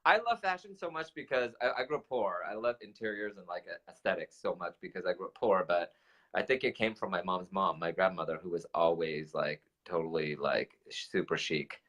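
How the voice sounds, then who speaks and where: A man co-hosting a casual talk show, chatting in an animated way with many fillers and restarts. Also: deep voice, a little fast. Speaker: co-host. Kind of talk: casual chat.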